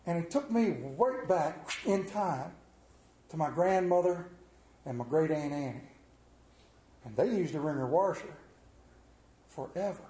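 A man with a high voice preaches a conversational sermon, spinning folksy, humorous stories. The sound carries a roomy church echo. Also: darkish tone. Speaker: lay preacher. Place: church sanctuary.

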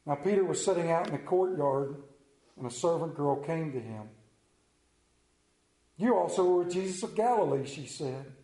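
A man preaching, reading a Bible passage aloud slowly and with emphasis. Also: fairly high pitch, lively intonation, warm tone, roomy sound, rough recording. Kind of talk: scripture reading in a sermon.

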